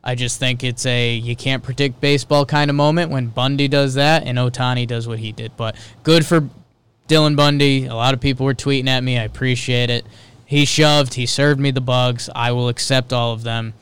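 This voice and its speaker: A man co-hosting a baseball podcast, chatting casually and getting excitable, his voice leaping high when he stresses a point. His voice is smooth and resonant, at a middling pitch. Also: moderate pace. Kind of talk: casual sports talk.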